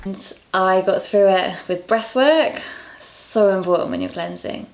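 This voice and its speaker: A young woman from England talking casually to camera in a vlog, candid and quick to laugh at herself, a little out of breath. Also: medium pitch, gravelly. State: out of breath, low on energy. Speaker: vlogger.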